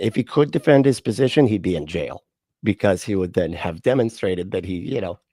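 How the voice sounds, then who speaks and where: A man with a low voice hosting a casual livestream, rambling and joking as he swears freely. The sound is dry and close, with no room behind him. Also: a little mellow, no room sound. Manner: rambling, joking, swears a lot, laughs often. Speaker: livestream host reacting to videos. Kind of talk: casual profane livestream chat.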